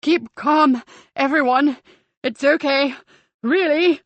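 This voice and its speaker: A woman reading an audiobook, voicing a fussy, theatrical male church tour guide with a slow, showy delivery. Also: medium pitch, a bit bright, no echo, lightly acted. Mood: urgent. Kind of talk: audiobook character voice.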